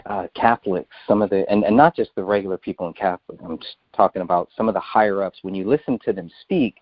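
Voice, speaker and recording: Guy hosting a chat, low voice, stumbles and repeats himself, dry dull audio. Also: no room sound. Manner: halting, repeats words, thinks aloud. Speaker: host. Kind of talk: casual conversation.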